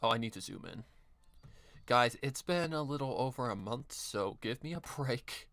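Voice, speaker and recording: A man talks to his viewers on a live stream while he works at his editing, his pitch sitting in an ordinary middle range. He rambles, corrects himself partway through sentences and drops casual swears. It sounds like a home desk mic setup. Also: animated, moderate pace, fairly bright tone, no echo. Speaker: streamer editing an audio drama.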